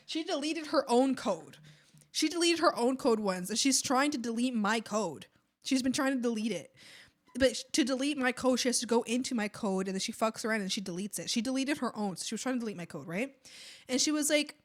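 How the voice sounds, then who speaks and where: A woman's voice: on the high side, quick pace. A woman streamer with a lisp, chatting casually and telling rambling stories with laughs while she draws. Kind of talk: casual chat while drawing.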